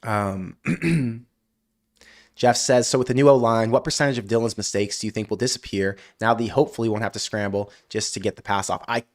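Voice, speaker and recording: A man hosting a live college football stream, reading viewer comments aloud and answering with animated rants. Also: on the low side, fairly quick. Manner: ranting, animated outbursts; frequent "I don't know" hedging. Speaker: college football show host.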